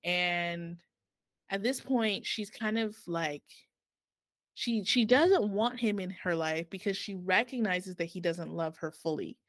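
A woman's voice: fairly low pitch, measured pace, dry recording. A woman co-hosting a book podcast, chatting casually and retelling a story with lots of quoted voices.

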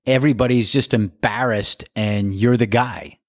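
A man's voice: lowish voice, fairly even intonation, normal speed, dry recording, clean studio sound. An older man hosting a podcast in casual chat, telling candid, crude stories and laughing often. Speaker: podcast host.

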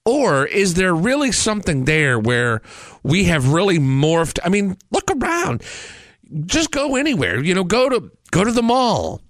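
Animated, ranting man in his forties. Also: high-pitched, unhurried, no room sound, studio quality. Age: 40s. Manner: profane, ranting, animated storytelling. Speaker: host. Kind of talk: comedic rant.

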